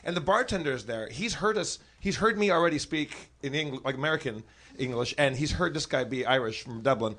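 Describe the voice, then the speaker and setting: A man guesting on a live comedy podcast, telling animated, profane anecdotes full of stumbling restarts. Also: mid-range voice, fairly quick. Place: stage before a live audience.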